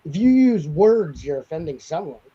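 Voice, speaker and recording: A man co-hosting a marathon live stream, quick with a joke and often laughing. His voice sits on the high side but sounds mellow. The audio is dull and lo-fi. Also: very animated, breathy edge. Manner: jokey, laughs a lot, slips into mock accents. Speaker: stream host. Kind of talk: casual live-stream banter.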